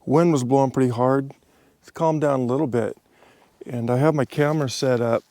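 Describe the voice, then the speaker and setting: A man's voice: mid-range voice, fairly even intonation, moderate pace, warm tone, no room sound. A man with an American accent, casually narrating an outdoor camping vlog into a handheld action camera. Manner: chatty, easygoing, with fillers and laughs. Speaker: travel vlogger. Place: outdoors on a desert cliff and campsite.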